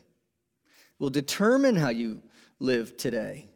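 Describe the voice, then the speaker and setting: A man preaching a sermon to his congregation, animated and conversational, asking rhetorical questions and swinging from emphatic peaks to quiet lows. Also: unhurried, vocal fry. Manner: animated, rising to emphatic peaks then dropping low. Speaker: pastor.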